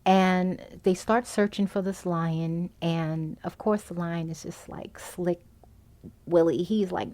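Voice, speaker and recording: Chatty woman recapping a movie, lower-pitched. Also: takes it slowly. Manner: chatty, full of "you know" and "um" fillers; animated retelling, acting out the characters' lines. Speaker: podcast host reviewing a movie.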